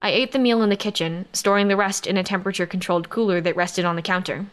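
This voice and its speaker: A woman's voice: medium pitch, steady tone, fast talker. Woman reading a first-person audiobook. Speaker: audiobook narrator.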